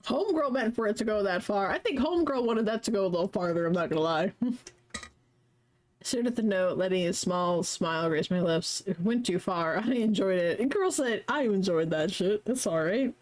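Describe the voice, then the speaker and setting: A woman's voice: mid-range voice, a little fast, darkish tone. A young woman streaming a story game live, chatting casually, giggling, swearing freely and reading the story text aloud.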